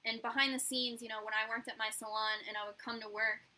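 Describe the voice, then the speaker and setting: A woman's voice: a little high, level tone, fast talker, sharp tone, low-quality recording. A young woman, a YouTuber and hairstylist, telling a candid, profane story in a casual vlog and acting out the dialogue.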